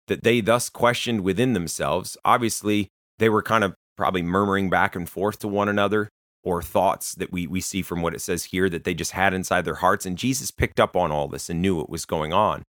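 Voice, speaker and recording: A man's voice: deep voice, normal speed, a bit bright, dry recording, clean studio sound. A man preaching a sermon in earnest, plain-spoken Bible teaching with rhetorical questions.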